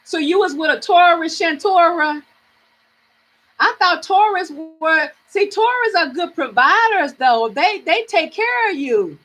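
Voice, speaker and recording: A woman's voice: very high voice, expressive, a little slow, a bit bright, rough recording. A middle-aged woman from the American South, hosting a live reading stream and chatting frankly with viewers, swearing freely and laughing often.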